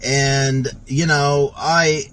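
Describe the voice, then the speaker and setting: A man talks haltingly, full of restarts and fillers, as he shares a personal testimonial. He is choked up and close to tears, his medium-pitched voice recorded inside a vehicle. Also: little pitch movement, a bit bright, clean tone, poor audio.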